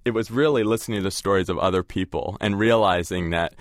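A man's voice: low-pitched, fast talker, dry recording, studio quality. A man co-author who reads from his book and answers in a thoughtful, hedging way. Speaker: co-author guest. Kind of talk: reading aloud, then interview answers.

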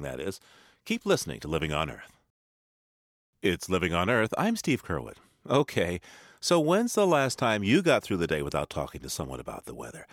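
Lively low-voiced male radio host. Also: no room sound, studio quality. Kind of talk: scripted radio announcing.

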